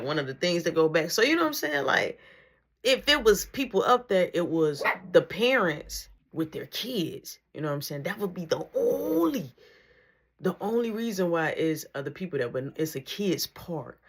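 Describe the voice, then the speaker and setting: A young man casually retelling a story with animated, slangy delivery. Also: fairly high pitch.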